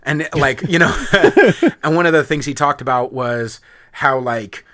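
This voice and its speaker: A man hosting a podcast in casual chat, animated and profane, laughing often. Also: on the high side, measured pace, no echo, clean studio sound. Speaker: podcast host.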